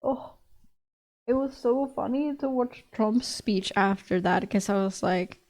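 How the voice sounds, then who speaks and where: Young woman streamer just chatting w chat, slow easygoing pace, laughs a lot, swears here n there. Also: on the high side, a little mellow. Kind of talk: casual chat with stream viewers.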